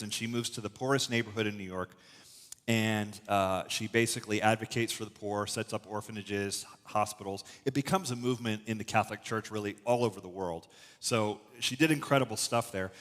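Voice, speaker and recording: A middle-aged male pastor delivers a sermon in a loose, conversational way, with animated stretches and frequent restarts. His voice sits in a middle range. The sound carries a long reverb tail from a large church room. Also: mid-range voice. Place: church auditorium.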